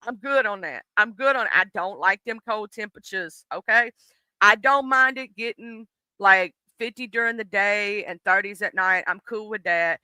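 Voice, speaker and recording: Bright, crisp streamer in late thirties. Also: mid-range voice, normal speed, dry recording, poor audio. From southern United States. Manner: animated, profane, talks straight to the chat. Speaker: live streamer. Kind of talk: casual live-stream chat.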